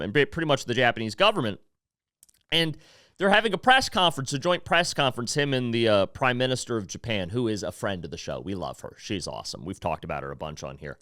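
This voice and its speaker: An American man hosts a casual commentary podcast, rambling, swearing, and using lots of fillers. His mid-range voice is pushed and bright with a clean tone, recorded at studio quality with no room sound.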